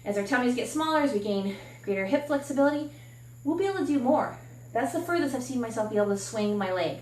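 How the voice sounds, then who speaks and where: A woman coach talks through a workout as she moves, candid and encouraging, her voice a bit high. She sometimes sounds slightly out of breath. The sound comes from a camera some distance away in a reverberant room. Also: animated, fast, a little mellow. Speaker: fitness coach. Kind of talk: casual workout demonstration. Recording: echoey room from off-mic.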